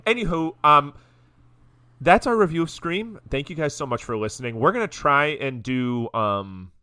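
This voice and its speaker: A man's voice: fairly high pitch, expressive, normal speed, sharp tone, clean tone, no echo. A man co-hosting a podcast, chatting casually and hedging with fillers. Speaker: podcast co-host. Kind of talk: casual chat.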